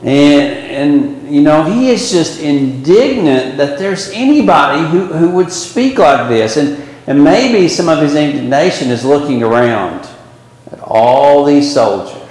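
A man's voice: a little high, lively intonation, unhurried, a little mellow. A man teaching a Bible class, rambling with many fillers and restarts and pushing rhetorical questions up with emphasis. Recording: echoey hall with long reverb.

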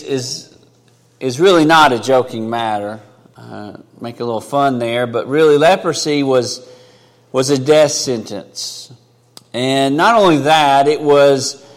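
A man preaching a sermon in an earnest, conversational way, rising for emphasis and dropping low and quiet for asides. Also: expressive, slow pace, in a large hall. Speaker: pastor.

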